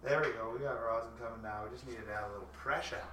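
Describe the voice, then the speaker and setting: A man's voice: mid-range voice, racing, bright, forceful tone, roomy sound, recorded from a distance, slight background noise. A man co-hosting a casual livestream, running a press and talking in an easygoing, matter-of-fact way. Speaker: co-host running the rosin press.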